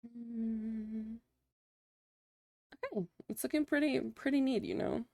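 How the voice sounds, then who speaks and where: A woman's voice: a little high, fairly even intonation, slow pace, vocal fry, mellow, no room sound. A young woman, a Spanish native speaker, chatting casually with her livestream viewers and filling her sentences with "like". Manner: chatty, many "like" fillers, answering chat.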